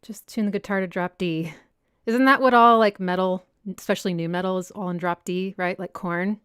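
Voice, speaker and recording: A woman's voice: lowish voice, fairly even intonation, moderate pace, a bit bright, clear, resonant tone, no room sound, studio quality. A young woman hosting a casual livestream Q&A about music, reading viewer comments aloud and answering them in a chatty way. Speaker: music analysis channel host. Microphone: personal desk mic.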